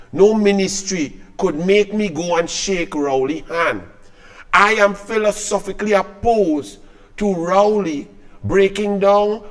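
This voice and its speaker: Trinidadian male host, high voice, combative and sarcastic, talking straight to camera in a one-man political rant. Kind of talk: solo political commentary rant.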